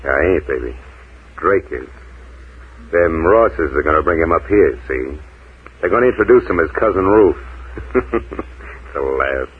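A man's voice: rumbling low, animated, measured pace, pauses often, breathy edge, heavily acted. An actor playing a cocky, ruthless male gangster in a 1940s radio play, taunting in clipped slang. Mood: menacing. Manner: taunting, clipped slang with repeated "see?" and "baby". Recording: tinny old radio broadcast.

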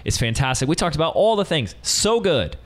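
A man's voice: a little high, very animated, a little fast. A man hosting a business podcast from a studio, talking in an enthusiastic, emphatic and playful way. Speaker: podcast host. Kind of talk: upbeat podcast interview.

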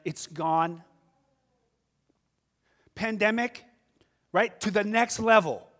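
A middle-aged man preaching a sermon, telling stories animatedly and swinging from loud outbursts to hushed asides. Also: fairly high pitch. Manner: animated storytelling with sudden shifts from loud to hushed. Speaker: pastor. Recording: long hall reverb.

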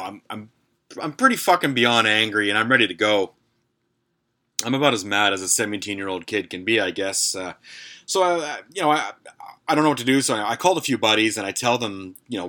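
A man's voice: on the low side, sharp tone. A man hosting a podcast, telling a story in a rambling, profane way with lots of fillers. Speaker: podcast host. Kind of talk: casual storytelling.

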